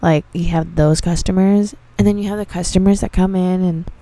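In a casual storytelling monologue, a young dispensary receptionist laughs and curses through exasperated tales about her customers. She speaks a little fast in a lowish, dark, steady voice, recorded dry.

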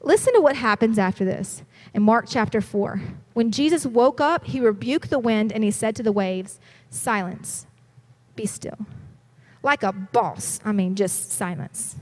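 A woman's voice: fairly high pitch, moderate pace, hardly any pauses. A woman preacher delivering an urgent, passionate sermon to her congregation, often calling out "listen".

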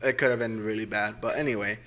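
Laid-back young man with a lowish, bright voice. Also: fast talker. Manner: relaxed, laid-back, rambling. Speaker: podcast co-host. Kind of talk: casual chat.

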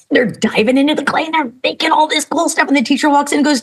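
A woman hosting a podcast, telling a story and speaking earnestly and emphatically, slowing down for emphasis. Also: high voice, rough recording. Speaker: podcast host. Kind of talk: storytelling and inspirational talk.

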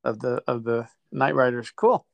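A man's voice: mid-range voice, moderate pace, gravelly. A man interviewing a fellow alumnus, mostly giving short affirmations and chuckling along. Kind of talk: casual interview chat.

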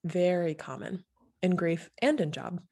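A woman who works as a grief therapist, talking in a casual, animated way with quick asides and laughs. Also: lowish voice, slightly rough. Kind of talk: casual podcast conversation.

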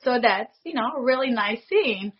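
A woman in her forties, a foley artist, telling stories in an animated way and acting out the dialogue she quotes. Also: fairly high pitch, normal speed, highs cut off. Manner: animated, acts out quoted dialogue, laughs often. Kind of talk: casual interview storytelling.

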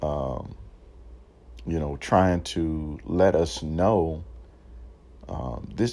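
Very deep, slow, mellow-voiced man. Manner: rambling, lots of fillers and restarts; encouraging, motivational. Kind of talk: casual reflective monologue.

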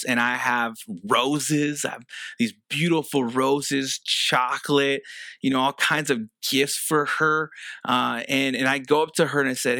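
A man's voice: medium pitch, sharp tone, no echo. A man preaching a sermon as a pastor, earnest and conversational, often restarting phrases.

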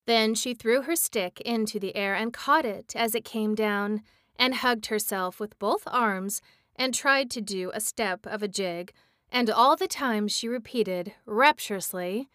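A woman reading a storybook aloud, measured and expressive. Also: mid-range voice, dry recording, studio quality. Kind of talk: storybook read-aloud narration.

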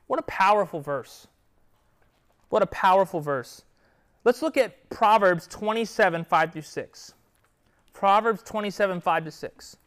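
Man, Bible teacher with a youth group, lively and conversational, tags lines with "right?". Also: high voice, a little slow, pauses often, clear, resonant tone. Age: adult with children. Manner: animated, keeps checking in with "right?" and "okay?".

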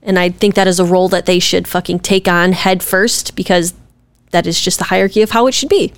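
A woman's voice: fairly low pitch, steady tone, a little fast, clear, resonant tone, no echo. Earnest woman co-hosting a podcast. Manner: earnest, emphatic, conversational. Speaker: podcast co-host, wife. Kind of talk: casual podcast chat.

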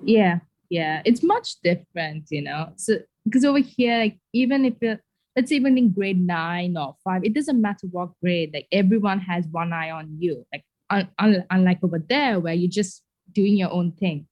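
A young woman from Sri Lanka talks easily as a podcast guest. Her chat is relaxed and unhurried, and she drops in small laughs now and then. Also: fairly low pitch, lo-fi sound.

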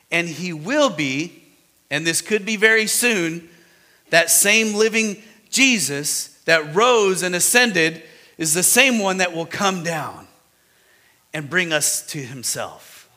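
Bright-voiced man preaching with emphasis. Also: fairly high pitch, long reverb tail. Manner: animated, emphatic preaching with sudden rises and drops. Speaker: pastor. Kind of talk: sermon.

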